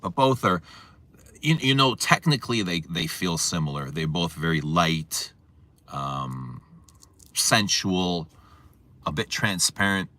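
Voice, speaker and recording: A man hosting a casual livestream, chatting to viewers and telling stories in a chatty, animated way. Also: low voice, takes it slowly, pauses often, no room sound. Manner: chatty, storytelling, animated retelling. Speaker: livestream host.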